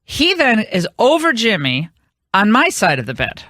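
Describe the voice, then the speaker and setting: A woman's voice: mid-range voice, huge pitch swings, normal speed, a bit bright, dry recording, studio quality. A woman hosting a radio talk show, telling a long rambling anecdote in casual on-air chat. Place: radio studio.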